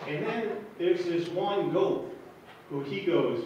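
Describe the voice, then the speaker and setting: A man's voice: fairly high pitch, expressive. Man in his 40s, live story, chuckling, hesitant, echoey distant sound, noisy hall. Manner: halting, nervous and chuckling between lines. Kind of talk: live personal storytelling on stage. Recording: echoey room, distant mic, background noise.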